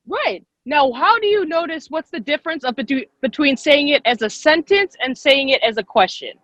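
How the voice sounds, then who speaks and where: A woman leading an online public speaking workshop on a video call, lively and quick-talking, encouraging the participants. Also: sits high, no echo. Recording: dull lo-fi video call audio.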